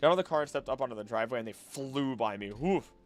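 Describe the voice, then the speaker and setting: A man's voice: mid-range voice, animated, quick pace, soft background music. A young man streaming late at night, chatting casually and thinking aloud, often restarting his sentences and drifting off topic. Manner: rambling, easily distracted, musing aloud with many restarts.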